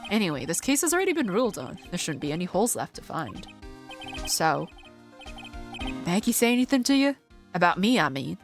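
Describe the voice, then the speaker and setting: A woman dropping her voice to play a gruff, hapless middle-aged detective. He mumbles in a low, mopey way, with faint music underneath. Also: very animated, a little fast, pauses often.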